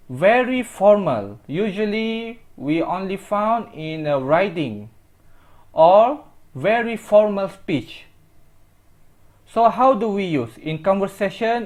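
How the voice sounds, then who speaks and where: A language teacher talking through a recorded lesson at an unhurried pace. The pitch rises and falls a lot while explaining. The English is simple, with small grammar slips, and each example phrase is repeated. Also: darkish tone.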